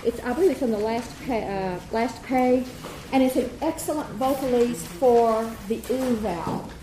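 A woman's voice: on the high side, moderate pace, background noise. Woman choir teacher in an echoey room. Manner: demonstrates warm-ups, sings vowels. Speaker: children's choir director. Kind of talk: teacher workshop demonstration. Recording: echoey room with faint ambience.

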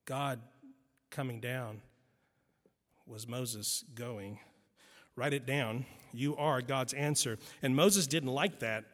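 A man's voice: mid-range voice, takes it slowly, long pauses, a bit bright. A male preacher giving an emphatic sermon, driving points home by repetition and adding wry asides. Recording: long reverb in a large hall.

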